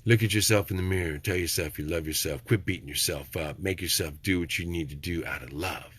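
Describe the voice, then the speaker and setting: Older husky-voiced man, folksy and preachy. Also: fairly quick, no room sound. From Texas. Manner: preachy, folksy, swings from low and quiet to loud. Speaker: vlogger. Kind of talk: rambling motivational monologue.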